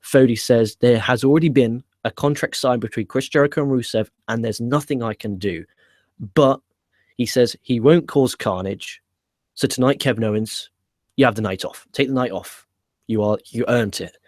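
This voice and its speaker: Male wrestling reviewer, mid-pitched, profane and opinionated, dry recording. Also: moderate pace, a little mellow, no room sound. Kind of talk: casual fantasy-booking recap.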